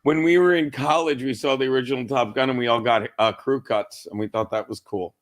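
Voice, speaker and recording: A man's voice: mid-range voice, fairly even intonation, a little fast. A middle-aged man chatting casually, easygoing and self-deprecating. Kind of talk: casual chat.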